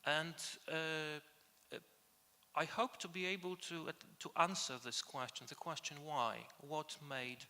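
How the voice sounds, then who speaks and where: A man delivers an academic conference lecture, his voice gravelly and bright-edged. He speaks hesitantly, filling pauses and restarting phrases. The sound rings with the long reverb of a conference hall. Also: a little high, fairly even intonation. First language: Polish.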